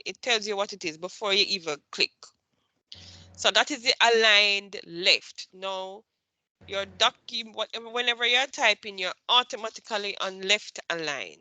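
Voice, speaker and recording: A woman's voice: mid-range voice, moderate pace, bright, forceful tone, no room sound. A woman instructor teaching a computer class, asking questions and repeating her points patiently.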